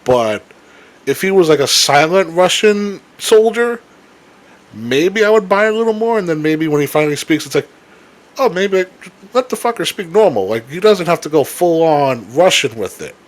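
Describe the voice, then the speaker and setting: A young man co-hosting a casual chat, rambling with halting restarts and swearing freely. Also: fairly high pitch, expressive. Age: young adult. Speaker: podcast co-host.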